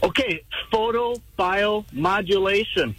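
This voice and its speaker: Man, caller, phone line, bright voice, wisecracking. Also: high-pitched, a little hiss or hum. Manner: wisecracking, quick and chatty. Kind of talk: call-in radio conversation.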